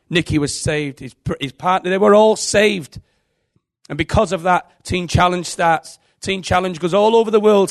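A man preaching a sermon, telling an earnest and emotional testimony. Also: high voice.

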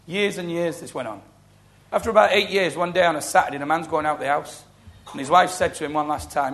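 A middle-aged man preaching a sermon, telling stories with lively quoted voices. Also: a little high, quick pace, vocal fry. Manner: storytelling, animated, acting out quoted voices. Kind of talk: sermon with testimony.

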